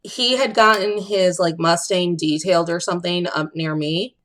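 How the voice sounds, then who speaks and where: A woman's voice: fairly low pitch, normal speed. Chatty young woman telling stories. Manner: animated storyteller, acts out quotes, laughs often. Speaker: podcast co-host. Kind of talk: casual chat, storytelling.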